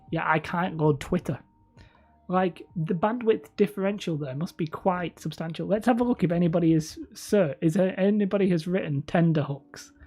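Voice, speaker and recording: A woman's voice: on the low side, darkish tone, slightly rough. A woman chatting casually on a live stream from home, rambling and laughing often as she talks.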